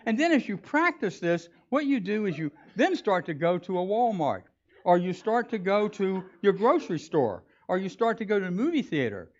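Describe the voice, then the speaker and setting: A man's voice: high voice, normal speed. Brief: male pastor, conversational and playful sermon delivery, muffled church recording. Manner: animated, joking, conversational preaching.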